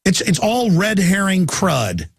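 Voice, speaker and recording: A man's voice: sits high, huge pitch swings, slow, vocal fry, slightly rough, dry recording, clean studio sound. A man hosting a call-in radio talk show, ranting and sarcastic as he takes callers. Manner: ranting, sarcastic, mocking put-on voices.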